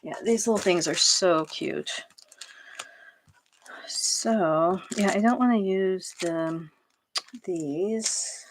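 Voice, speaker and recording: A middle-aged woman talks her way through a craft project at home, chatty and quick to laugh at herself. Her voice sits a little low, and she takes her time with each phrase. A clear layer of background noise runs under the recording. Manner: chatty and self-deprecating, laughs often. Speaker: craft channel host. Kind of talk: casual crafting chat.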